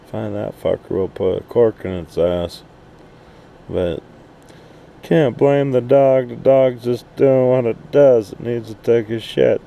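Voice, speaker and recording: A man's voice: lowish voice, creaky, mellow, slight background noise. A man in a profane, blunt, rambling casual rant, recorded outdoors at night at an RV park. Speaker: RV vlogger.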